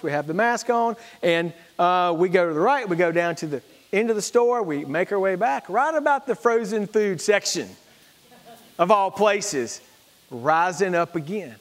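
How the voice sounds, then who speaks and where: A man's voice: high-pitched, in a large hall. A middle-aged man preaching a sermon, praying and telling a personal story in an earnest, repetitive way. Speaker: pastor.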